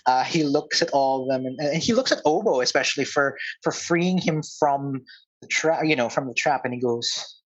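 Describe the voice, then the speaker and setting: A man narrating a tabletop game as game master, halting with many fillers. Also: mid-range voice, dull audio.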